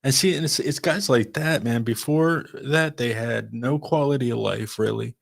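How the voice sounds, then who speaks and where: A man's voice: medium pitch, normal speed, vocal fry. A man co-hosting a casual podcast conversation, speaking in an earnest, emphatic way and often chiming in.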